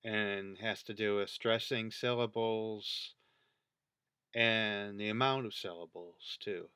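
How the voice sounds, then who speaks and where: A man's voice: on the low side, steady tone, slow, bright, forceful tone, clear, resonant tone, dry recording, clean studio sound. A man giving casual commentary over video clips, thinking aloud and counting things out as he points them out. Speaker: video creator.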